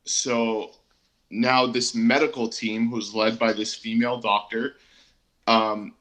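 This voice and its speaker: A man's voice: medium pitch, little pitch movement, takes it slowly, a bit bright. A man co-hosting a casual comic book review chat, easygoing and hesitant, with many ums and restarts.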